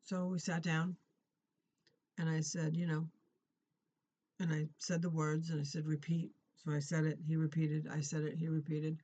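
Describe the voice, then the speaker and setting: Speaking in a warm, mid-range voice, a middle-aged parent offers viewers a personal prayer testimony as encouragement on a Christian vlog. The delivery is flat and moderately paced, with frequent pauses. The talk is earnest and chatty, and phrases often get repeated or started over.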